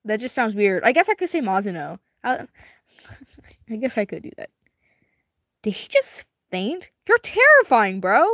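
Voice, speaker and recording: A fairly high-voiced woman reads through a webtoon and reacts out loud, giggling and tossing slang at her viewers. Her pitch bounces all over the place, and her voice sounds a little strained and tired. The sound is dry and close, with no room echo. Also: very animated, measured pace, pauses often. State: strained, tiring voice. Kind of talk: casual reaction reading.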